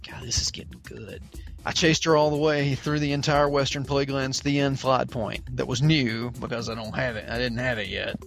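A man hosting a gaming podcast at a middle pitch, reading out a listener's tale and joking with his co-host. Soft music plays faintly behind him. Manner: reads a listener's story aloud, then chats with laughing asides. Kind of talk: casual gaming podcast chat.

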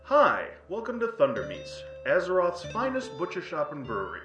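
A man's voice: fairly high pitch, wildly swooping pitch, normal speed. A man voicing a jovial butcher and brewer who welcomes guests to hear old stories by the fire. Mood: welcoming. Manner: folksy, welcoming storyteller. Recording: echoey, distant, muffled, with guitar.

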